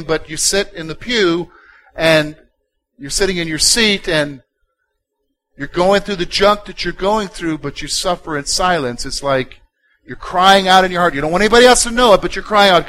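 A pastor preaching a sermon, swinging from quiet, intimate passages to loud, emphatic ones. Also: male voice, high voice, animated, moderate pace, low-quality recording.

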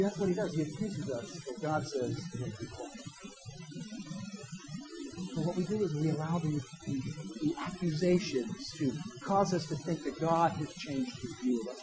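A man's voice: fairly high pitch, poor audio. A man, a pastor, preaching a conversational sermon with personal asides and quoted imagined voices.

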